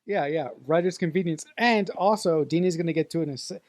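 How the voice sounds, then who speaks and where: A woman's voice: on the low side, quick pace, darkish tone, no echo. A woman co-hosting a movie podcast, chatting casually with many restarts and repeated words. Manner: hesitant, repeats words, laughs often. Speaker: podcast co-host. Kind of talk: casual movie review chat.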